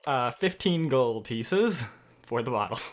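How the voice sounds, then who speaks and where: Soft-spoken man running a tabletop game. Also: medium pitch, expressive, measured pace, a little hiss or hum. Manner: hesitant, many fillers, quietly spoken. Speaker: dungeon master. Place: home room at night.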